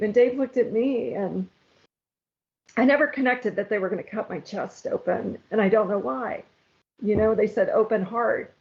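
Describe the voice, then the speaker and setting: A woman's voice: a little high, a little mellow. A woman guest telling her own story in an interview, earnest and at times tearful. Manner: emotional, halting, tearful at times. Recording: slightly dull, lo-fi sound.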